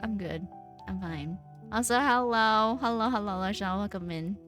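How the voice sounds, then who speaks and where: A young woman live-streaming a game, gushing and swearing between passages she reads aloud. Her voice sits mid-pitch and jumps high when excited, with faint game music behind. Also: moderate pace. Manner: emotional and animated, swearing, squealing and reading aloud. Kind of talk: casual live-stream chat and reading game text.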